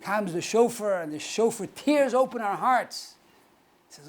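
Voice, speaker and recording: A man, a rabbi, giving a teaching talk, asking rhetorical questions and repeating phrases, slowing down to stress key words. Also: extremely high pitch, very animated.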